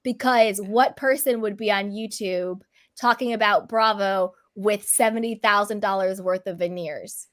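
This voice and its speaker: A woman hosting a casual chat, talking in an animated way and laughing often. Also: medium pitch, unhurried. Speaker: host.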